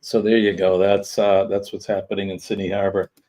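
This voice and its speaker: A man's voice: deep voice, flat delivery, brisk, warm tone. A man hosting a casual livestream, rambling with lots of ums and uhs. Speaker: livestream host. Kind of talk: casual live chat.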